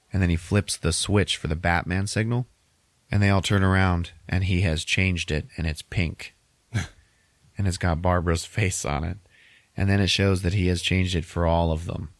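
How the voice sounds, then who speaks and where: Low-voiced guy on a podcast mic, dry sound, laughing a lot while he recaps a movie. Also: fairly even intonation, no echo. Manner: laughs often, quick quoted voices. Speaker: podcast host.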